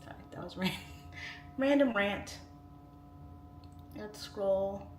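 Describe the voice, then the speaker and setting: This woman speaks slowly at a medium pitch, rambling through a casual home livestream and reading comments from viewers aloud. The phone is on its side, and the echoey room carries faint music.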